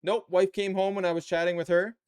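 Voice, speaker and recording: A man chatting on a live build stream, trailing off into quiet muttering as he fits pieces together. His voice sits a little high for a man and sounds smooth and clear. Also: flat delivery, brisk. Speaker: streamer building a model kit. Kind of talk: casual live-stream chat.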